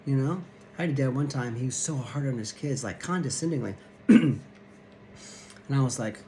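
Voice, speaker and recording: Blunt, warm-voiced man in his fifties. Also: mid-range voice, moderate pace, long pauses, a little hiss or hum. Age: 50s. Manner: blunt, plain-spoken, acts out quoted voices. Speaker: wrestling coach. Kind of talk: storytelling talk to camera.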